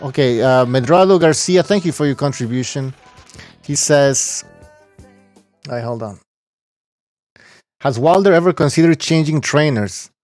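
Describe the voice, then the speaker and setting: Blunt, scoffing boxing podcast host. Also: male voice, fairly high pitch, dry recording. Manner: blunt, scoffing, curses freely. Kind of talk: casual profane boxing talk.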